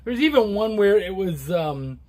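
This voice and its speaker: A man reviewing a comic book in a casual, relaxed chat to camera, rambling with many restarts and fillers. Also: normal speed. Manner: relaxed and low-key.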